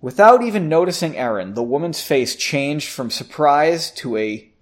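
A man's voice: a little high, very animated, normal speed. A man casually reading a fantasy story aloud, fixing slips and poking fun at the clumsy writing. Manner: self-correcting, mocks the text. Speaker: reader. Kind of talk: casual fiction read-aloud.

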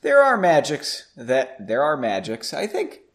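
A man's voice: on the high side, huge pitch swings, measured pace, full character voice. Roland, a man playing a courteous coaxing mage. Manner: formal, gently coaxing. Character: courteous older male mage, smooth and persuasive.

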